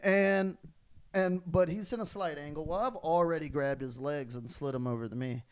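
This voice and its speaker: A man with a twang tells a story in casual podcast talk. His voice sits a touch high, and he throws himself into the quoted bits with animated energy. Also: normal speed, clean tone. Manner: animated, acts out quoted lines, laughs while telling.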